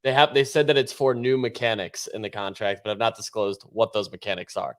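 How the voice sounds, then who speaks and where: A man's voice: on the low side, steady tone, fairly quick. A man on a podcast panel, explaining in a matter-of-fact casual way. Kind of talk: casual chat.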